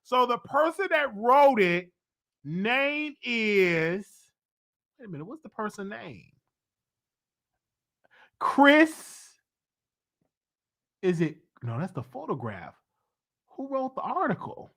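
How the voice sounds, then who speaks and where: A man with a Southern US accent hosts his own commentary show in a loose, playful way. His pitch swings widely and his voice has a bright, forceful edge. He drops laughing asides as he talks. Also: sing-song, takes it slowly, long pauses. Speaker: show host. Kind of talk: casual solo commentary.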